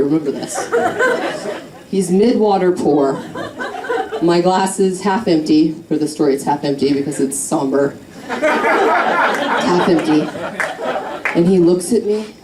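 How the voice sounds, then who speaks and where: Young woman stand-up; low-ish voice, unhurried deadpan, self-mocking delivery; far, roomy live club audio with crowd and noise. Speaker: stand-up comedian. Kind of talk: stand-up comedy. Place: comedy club stage. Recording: distant echoey club recording with crowd laughter.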